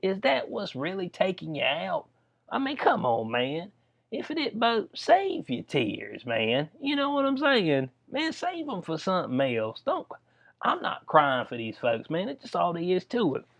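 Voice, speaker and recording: A man's voice: high voice, wildly swooping pitch, unhurried, vocal fry, a bit bright. A man giving casual, rambling commentary on news stories, full of slang and frequent laughter. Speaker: political commentary vlogger.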